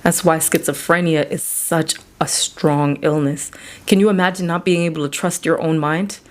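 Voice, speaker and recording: A woman with a somewhat low voice speaks as a therapist and psychiatric provider, giving a faith-based mental health talk. She is earnest and conversational and slips into acted-out dialogue as she explains. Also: steady tone, normal speed. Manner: earnest and conversational, acts out quoted back-and-forth dialogue.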